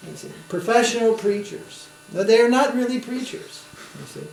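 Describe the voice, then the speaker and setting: A man's voice: very high voice, expressive, normal speed, gravelly. A man, a swami, giving a spiritual lecture in a conversational storytelling manner, asking his listeners to follow along. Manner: conversational, anecdotal, with tag questions. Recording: roomy with faint hum.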